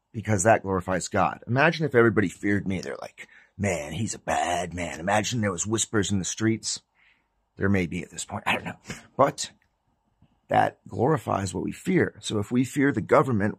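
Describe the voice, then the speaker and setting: A low, gravelly man with a husky edge talks to his viewers in an earnest, rambling religious vlog. He drifts off track, then swings from a quiet, confiding hush to loud, fervent urging. The sound is dry and close, with no room around it. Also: dry recording. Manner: earnest, rambling, gets sidetracked; emotional swings from hushed to near shouting. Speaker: Christian vlogger. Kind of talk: informal religious exhortation to viewers.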